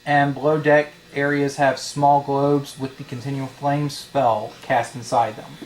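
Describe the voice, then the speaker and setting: A man narrating as dungeon master, hesitant and full of pauses and fillers. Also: mid-range voice, level tone, slight background noise. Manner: halting, many fillers. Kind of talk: narrating a tabletop game.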